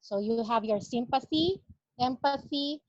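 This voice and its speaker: A woman palliative care consultant delivers a medical lecture, setting out definitions in an earnest, careful manner. Her voice sits a little high. The audio is dull, dry and lo-fi. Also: unhurried, darkish tone, no room sound.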